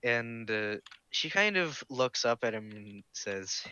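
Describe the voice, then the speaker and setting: Slow, bright-voiced man narrating a game. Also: medium pitch, expressive, clean tone, no room sound, highs cut off. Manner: casual, filler-heavy narration. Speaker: game master.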